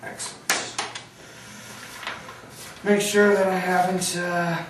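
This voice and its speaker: A man leads a workshop and keeps asking his listeners questions to check that they understand. His voice sits a little high. He is picked up from far across a very echoey room, with faint noise underneath. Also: level tone, slow pace. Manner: quizzing the audience, checking for understanding. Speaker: trainer. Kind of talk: training workshop lecture.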